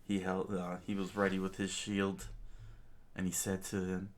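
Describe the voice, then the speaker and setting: A man's voice: low voice, completely flat delivery, moderate pace. A man reading a comic aloud in a casual way, with stumbles and chuckling asides. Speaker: comic reader.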